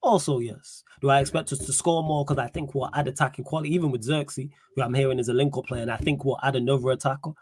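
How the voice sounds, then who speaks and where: A man, co-hosting a casual football podcast as a Manchester United fan, animated and slangy, often cutting in. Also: medium pitch, slightly rough, no room sound, clean studio sound. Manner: animated, talks fast and interrupts, slangy.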